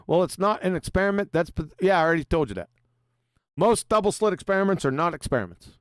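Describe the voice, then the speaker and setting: A man runs a combative livestream, swearing freely and laughing as he reads viewer super chats. His voice sits high and swings widely in pitch, with a clear, resonant tone. The sound is dry and close. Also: lively intonation, quick pace, no room sound. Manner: profane, mocking, laughs often. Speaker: livestream host.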